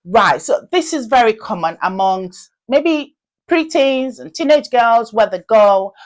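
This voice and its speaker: A woman's voice: fairly high pitch, animated, measured pace. A woman hosting a casual chat show, quizzing her guest playfully and signing off to viewers. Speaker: host.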